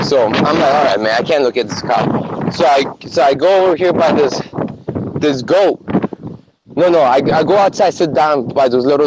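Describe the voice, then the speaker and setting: A man on a podcast telling stories in casual chat, animated and swearing a lot. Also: a little high. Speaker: podcast co-host. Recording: muffled lo-fi recording with faint noise.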